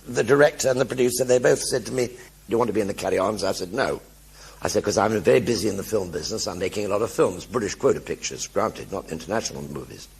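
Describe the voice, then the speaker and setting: An older man telling anecdotes in a one-man stage show before an audience, animated and acting out the voices of everyone in his stories. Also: lowish voice, creaky, slightly rough. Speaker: stage performer.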